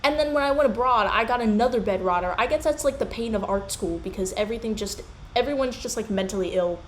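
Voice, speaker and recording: A young woman in casual commentary chat, rambling and animated as she drifts from one tangent to the next. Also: on the high side, fast talker. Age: young adult. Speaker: commentary YouTuber. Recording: echoey room with faint hiss.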